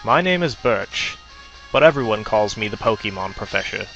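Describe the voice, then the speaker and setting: A man's voice: fairly low pitch, expressive, moderate pace, vocal fry, bright, forceful tone, dull audio, soft background music, exaggerated voice. A man voicing a cheery middle-aged Pokemon professor in a hammy put-on Australian accent, hearty and theatrical. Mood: hearty welcoming.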